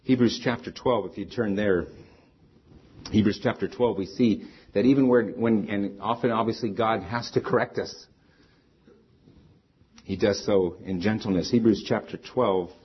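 A middle-aged man delivers a sermon in an earnest, conversational way, mixing in personal anecdotes. His voice sits a bit low and sounds husky. The recording is slightly dull and lo-fi. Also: moderate pace. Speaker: pastor.

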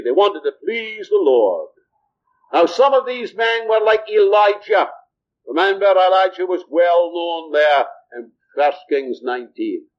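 Older Scottish-born preacher, rhetorical questions to the congregation, slightly high voice, dull old recording. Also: male voice. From Scotland. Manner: rhetorical, asks the audience questions. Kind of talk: sermon. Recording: muffled lo-fi recording.

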